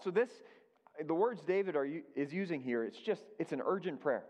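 A man's voice: a little high, animated, moderate pace, darkish tone. A man pastor giving a conversational sermon, repeating his key phrases for emphasis. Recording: dull lo-fi sound with long hall reverb.

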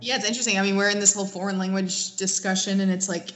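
A woman's voice: medium pitch, fairly even intonation, rapid-fire, a bit bright. A woman in a casual discussion, thinking aloud in long run-on sentences full of "like". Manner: thoughtful, talks in long run-on sentences with many "like"s. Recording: long hall reverb.

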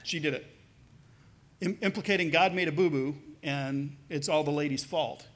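High-voiced pastor preaching conversationally. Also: male voice, normal speed, a bit bright. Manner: conversational, acts out quoted voices with lowered pitch. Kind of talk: sermon.

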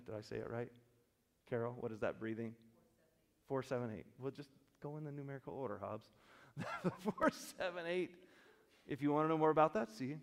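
A man preaching a sermon as pastor, switching between loud emphatic stretches and quiet, slow reflective passages, with humorous asides. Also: medium pitch, animated. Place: church sanctuary. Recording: long church reverb.

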